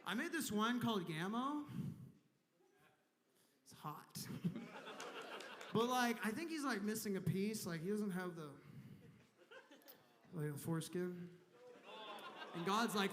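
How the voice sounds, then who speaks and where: A man's voice: high voice, lively intonation, measured pace, long pauses. A man from Kentucky doing a crude, rambling stand-up set on a convention stage, slipping into voices for the people he talks about. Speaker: stand-up comedian. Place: large convention hall stage. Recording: long hall reverb.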